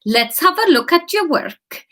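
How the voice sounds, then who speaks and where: A woman voicing a brisk, kind female kitchen boss with an attempted Swedish accent. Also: very high-pitched, sing-song, pushed and bright, voice pushed up, full character voice. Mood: approving. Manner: nodding, sing-song put-on accent.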